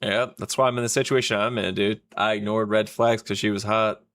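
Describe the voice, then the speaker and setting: A man's voice: fairly low pitch, fairly even intonation, brisk, fairly bright tone. A man hosting a livestream, chatting casually and laid-back over a clip, often calling people dude. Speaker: livestream host.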